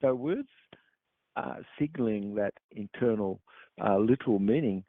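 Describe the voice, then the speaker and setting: Male host, lower pitch, meandering talk full of ums, dry lo-fi line. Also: animated, no echo. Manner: rambling, halting, many fillers and restarts. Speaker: podcast host. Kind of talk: meandering explanatory monologue. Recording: dry tinny phone-like sound.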